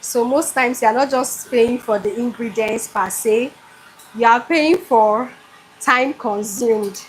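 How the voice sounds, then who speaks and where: With slight background noise and a generator running behind her, a Nigerian woman takes it slowly as she hosts a live cooking stream from her home kitchen. Her voice is on the high side, and she speaks effusively, straight to her audience.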